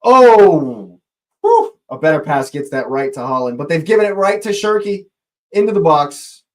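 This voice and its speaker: Excitable man calling a match live. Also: a little high, a little fast. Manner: excitable, voice leaps up on near chances; chatty, greets and talks to chat viewers. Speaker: watch-along host. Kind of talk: live fan play-by-play commentary.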